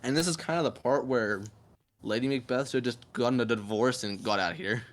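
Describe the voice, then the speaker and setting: Young male podcast host, casual and jokey, mid pitch. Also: fairly quick. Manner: joking, laughing, slangy. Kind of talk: casual school podcast chat.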